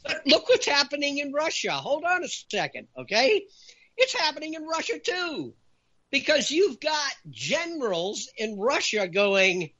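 A man talking in an animated opinion chat, raising his voice for emphasis. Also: very high-pitched, measured pace, lo-fi sound. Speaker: talk show guest.

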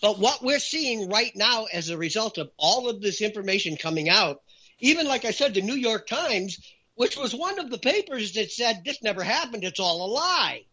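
A man holds forth as a talk-show guest, pushing his voice up whenever he wants a point to land. His pitch swings widely and his tone is bright and cutting. The audio sounds muffled and lo-fi. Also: moderate pace, breathy edge. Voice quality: raises voice for emphasis. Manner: animated, lists points in a punchy countdown. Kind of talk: emphatic talk-show commentary.

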